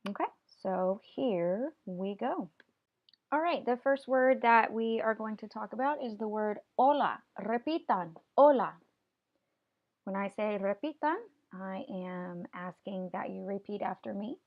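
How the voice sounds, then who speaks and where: Woman teacher, patient step-by-step explanations, slightly gravelly voice, muffled lo-fi recording. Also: medium pitch, unhurried. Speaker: Spanish teacher. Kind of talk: classroom video lesson.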